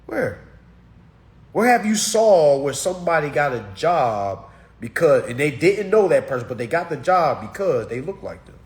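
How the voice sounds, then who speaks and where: A man's voice: on the high side, big pitch swings, moderate pace. A man hosting a casual livestream monologue and answering viewer comments. He is blunt and preachy, repeats his points and keeps checking in with "all right?". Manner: emphatic and repetitive, hammering single words.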